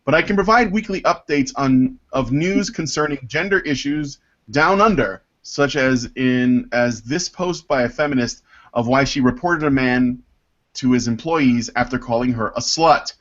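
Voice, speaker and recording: A man hosting a casual podcast panel, reading out listener mail in a halting, rambling way with many fillers. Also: mid-range voice, a bit bright, dull audio. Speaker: podcast host.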